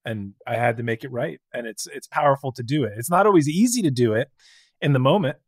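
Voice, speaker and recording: A man's voice: mid-range voice, expressive, fast, no room sound. A man hosting a faith podcast who reacts with enthusiasm and laughs easily while interviewing his guest. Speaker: podcast host. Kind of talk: interview chat.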